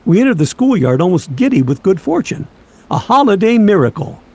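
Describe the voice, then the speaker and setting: Gravelly, mellow man, wry nostalgic storyteller, lively delivery. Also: high-pitched, fairly quick. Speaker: narrator.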